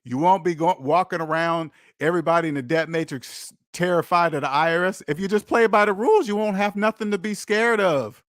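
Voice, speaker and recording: A man's voice: sits high, fairly quick, few pauses, no echo. Emphatic lecturing man, dry sound. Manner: emphatic, repetitive, lecturing the viewers. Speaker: personal finance channel host. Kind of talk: preachy direct-to-camera monologue.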